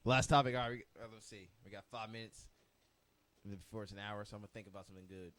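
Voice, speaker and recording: A man's voice: lowish voice, steady tone, quick pace, fairly bright tone. Young man in crude, laughing banter. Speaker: podcast host. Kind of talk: casual chat.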